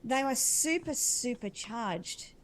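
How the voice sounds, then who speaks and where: A woman's voice: fairly high pitch, animated, takes it slowly, a little hiss or hum. A woman acting as an animal communicator, describing intuitive visions in an earnest, dreamy, winding way.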